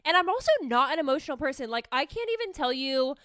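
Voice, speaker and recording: A woman's voice: high voice, big pitch swings, fast talker, fairly bright tone, dry recording, studio quality. A woman therapist hosting a casual solo podcast, talking candidly with lots of swearing and self-mockery. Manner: candid, chatty, swears freely, self-mocking.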